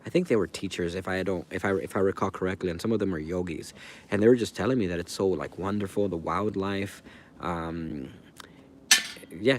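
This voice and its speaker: Male stream host, casual and meandering, low voice, outdoor air behind him. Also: background noise. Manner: rambling, talks to chat viewers by name. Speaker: livestream host. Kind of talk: casual live chat. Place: outdoors by a fire.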